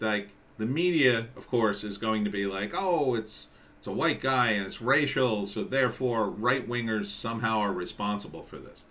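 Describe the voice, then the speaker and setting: A man hosts a live stream, rambling through casual commentary and reading viewer comments aloud, with halting restarts. His voice sits on the low side and sounds pushed and bright.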